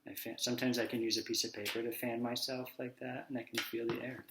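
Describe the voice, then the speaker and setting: A man's voice: mid-range voice, little pitch movement, background noise. A man teaching a children's phonics lesson, sounding out letters one by one and acting out each word. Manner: slow, sounds out letters and acts out words.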